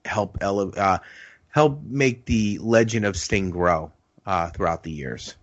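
Low-voiced guy chatting on a podcast, rambly, muffled lo-fi sound. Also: a little slow, dry recording. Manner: rambling, full of restarts and "you know". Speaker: podcast co-host. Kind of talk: casual podcast chat.

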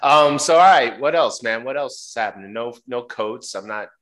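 A man's voice: mid-range voice, expressive, normal speed, fairly bright tone. A man co-hosting a podcast, teasing his friend and acting playfully grossed out. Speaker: podcast co-host. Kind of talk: casual chat.

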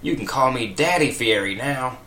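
A man's voice: medium pitch, animated, normal speed, pushed and bright, slight background noise, pitched above the performer's own voice. A man voicing a crude, brash male celebrity chef who talks in a mocking way.

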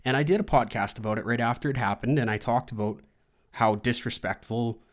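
A man's voice: medium pitch, a little fast. A man hosting a movie podcast, chatting casually on his own in a rambling, loose way, with lots of fillers and restarts. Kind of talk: casual solo chat.

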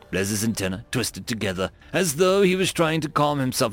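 A man narrating a science fiction story in first person with expressive storytelling. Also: mid-range voice, moderate pace, few pauses. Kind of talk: scripted narration of a sci-fi story. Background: faint music.

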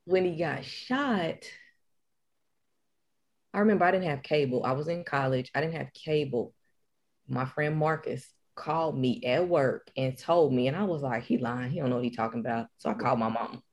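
A woman's voice: sits low, moderate pace. A woman telling a memory in a casual conversational way, quoting what she and others said. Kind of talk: casual chat.

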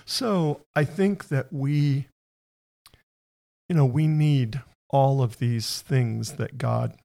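A man hosting a faith-based interview chat, earnest and openly emotional, often speeding up when he gets excited. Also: medium pitch, slow, creaky.

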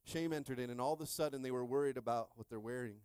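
A middle-aged male pastor preaching a sermon with animated call-and-response, shifting between hushed talk and shouts. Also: medium pitch, quick pace, clear, resonant tone, no echo.

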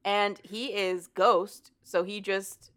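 A woman casually recapping a story for a co-host, animated and profane, laughing often as she talks. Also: medium pitch, takes it slowly. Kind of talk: casual chat.

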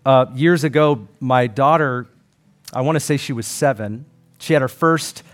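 A man's voice: medium pitch, normal speed, faint music behind. A middle-aged man preaching a sermon, earnest and conversational, acting out quoted voices. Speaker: pastor.

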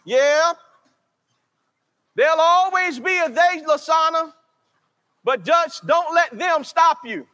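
A man preaching from the pulpit with a strikingly high, bright voice. He stretches his words out slowly and calls on the congregation to answer him back. His voice rings with the long reverb of a large church sanctuary. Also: expressive. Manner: slow, drawn-out preaching with call-and-response. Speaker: pastor. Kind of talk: sermon.

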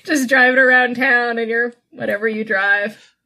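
A woman's voice: a little high, steady tone, normal speed, a crowd in the background. A woman in her thirties co-hosting a casual podcast, wry and teasing, laughing often. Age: 30s. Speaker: podcast co-host. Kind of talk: casual chat.

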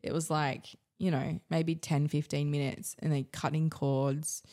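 An Australian woman tells her story as a podcast guest, her voice low-pitched and mellow. She talks frankly and ramblingly, full of fillers and easy swearing. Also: flat delivery, unhurried. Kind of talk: candid personal storytelling.

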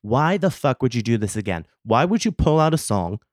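A man's voice: medium pitch, big pitch swings, brisk, a little mellow, no room sound, studio quality. A man hosting a podcast, delivering a casual comedic monologue with lots of swearing and theatrical indignation. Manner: profane, ranting, theatrically indignant. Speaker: podcast host.

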